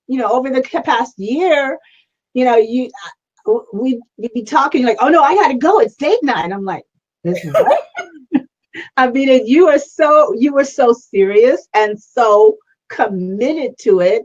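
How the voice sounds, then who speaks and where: Enthusiastic woman co-host, expressive pitch, lo-fi audio. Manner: enthusiastic, laughs along. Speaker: talk show co-host. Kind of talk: casual chat. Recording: dull lo-fi sound.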